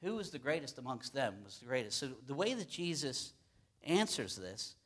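A man's voice: mid-range voice, very animated, moderate pace, a bit bright. A man teaching scripture in a loose, conversational sermon, often repeating words for emphasis and restarting phrases. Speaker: Bible teacher.

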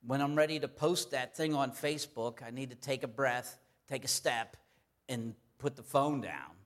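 A man's voice: mid-range voice, moderate pace, fairly bright tone. Earnest preaching man. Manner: earnest, emphatic, repeats key phrases. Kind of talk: sermon.

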